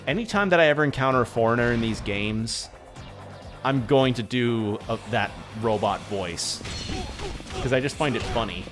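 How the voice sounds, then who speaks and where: A man casually commenting on gameplay as a streamer, excitable and swearing freely. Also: mid-range voice, normal speed, soft background music. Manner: profane, excitable.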